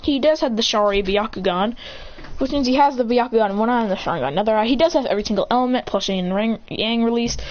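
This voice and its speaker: A woman's voice: a little high, fast. A woman casually telling an anime fan story in a rambling, self-correcting way. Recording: muffled with faint hiss.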